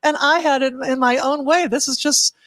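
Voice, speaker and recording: Female host, warm and responsive, a bit high, dry video-call sound. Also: steady tone, moderate pace, dry recording. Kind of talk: casual conversation.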